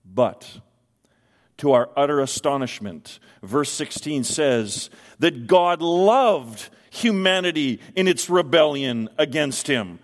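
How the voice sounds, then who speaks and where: A man's voice: fairly high pitch, lively intonation. Earnest preaching man in a reverberant hall. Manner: earnest preaching with slow emphatic stresses. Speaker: pastor. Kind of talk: sermon. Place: church sanctuary.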